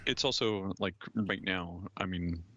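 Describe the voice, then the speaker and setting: A man with a very low, forceful voice explains game changes in a halting, stop-start way. The audio sounds dull and muffled. The sound is dry and close. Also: a little hiss or hum. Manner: halting, full of fillers and restarts. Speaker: game developer guest. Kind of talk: casual explanation.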